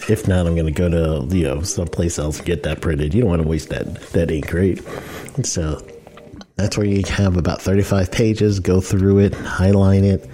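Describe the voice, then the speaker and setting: A man's voice: low-pitched, fairly even intonation, moderate pace, warm tone. A man hosting a podcast, explaining rules in a loose, conversational way with fillers and self-corrections. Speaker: podcast host on workplace safety compliance. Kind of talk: casual explainer talk.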